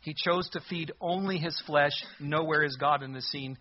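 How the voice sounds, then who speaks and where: A man's voice: a little high, moderate pace, a little hiss or hum. A man preaching a sermon in an earnest, emphatic way, repeating words to drive points home. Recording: dull lo-fi recording.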